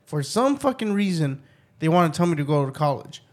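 A man's voice: a little high, sing-song, brisk, darkish tone. A young man in casual chat who swears and keeps cutting in with wisecracks. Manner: joking, profane, cuts in with wisecracks.

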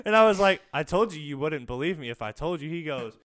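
A man's voice: fairly high pitch, lively intonation, quick pace, hardly any pauses, fairly bright tone. A man telling a profane story in casual podcast chat, laughing through the punchlines.

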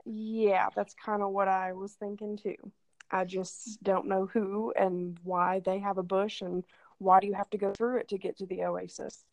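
A woman's voice: medium pitch, level tone, moderate pace, darkish tone, no echo. Wry woman co-host, dry close sound. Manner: reads old quotes aloud, wry and amused. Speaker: podcast co-host. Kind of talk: casual chat.

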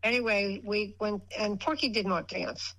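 On a low-quality recording, an older woman appears as a radio show guest, her medium-pitched voice a little bright and her pace moderate. She rambles casually through a personal story, acting out the things people said.

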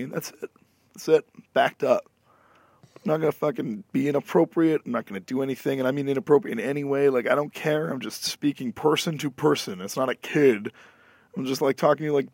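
Profane, animated man telling a story. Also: mid-range voice, brisk, gravelly, no echo. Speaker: podcast host. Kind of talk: casual chat.

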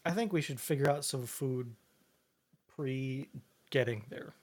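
A laid-back young man co-hosts a podcast and chats casually with a friend. His voice sits at an ordinary middle pitch, and he laughs easily between his points. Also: measured pace, darkish tone. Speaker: podcast co-host. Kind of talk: casual chat.

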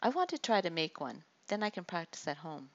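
A woman's voice: fairly low pitch, very animated, fairly quick, no room sound, lo-fi sound. A woman voicing an earnest, eager teenage boy training to be a soldier.

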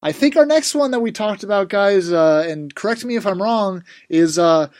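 Teasing, upbeat male podcast host with a slightly high voice. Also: expressive, normal speed, a little mellow. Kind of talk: casual chat.

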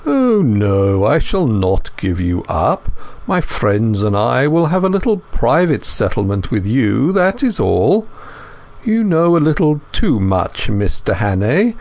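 A man voicing a calm, sinister old gentleman, a menacing mastermind, in an audiobook reading. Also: medium pitch, slow, dry recording. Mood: coolly menacing. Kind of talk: audiobook character voice.

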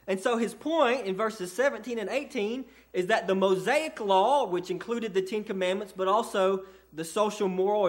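A man with a fairly high voice preaches a sermon from a church pulpit. He explains scripture in earnest, often stopping to restart or repeat a word before pressing on. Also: a bit bright. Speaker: pastor. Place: church sanctuary.

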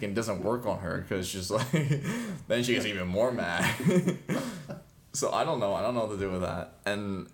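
A man's voice: fairly low pitch, lively intonation, normal speed. A young man chatting casually as a podcast co-host, rambling with lots of fillers and frequent laughs. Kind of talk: casual chat.

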